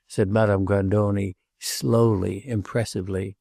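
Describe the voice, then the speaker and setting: A man reading a classic novel aloud as audiobook narrator, measured and even. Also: medium pitch, vocal fry, no echo, clean studio sound. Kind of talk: scripted narration.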